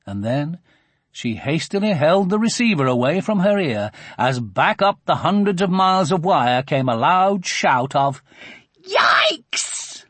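Guy reading a kids' book, husky, lots of ups and downs, dry close sound. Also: a little high, measured pace, no room sound. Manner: expressive, lively storytelling. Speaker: narrator. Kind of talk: children's audiobook narration.

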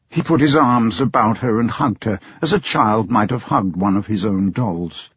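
A man reading an audiobook narration in a measured storytelling manner. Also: on the low side, fairly bright tone, husky, dry recording. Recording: dull lo-fi sound.

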